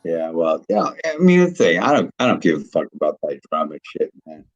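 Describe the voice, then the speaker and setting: Gravelly man in his sixties, lively. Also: sits low, brisk, lo-fi sound. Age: 60s. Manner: rambling, swears constantly. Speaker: video creator on a live call. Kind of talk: casual profane chat.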